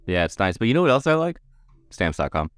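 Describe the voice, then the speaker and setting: A man's voice: on the low side, sing-song, brisk, no echo, faint music behind. A man co-hosting a podcast, telling stories with emphatic, exaggerated complaints in casual chat. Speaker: podcast co-host.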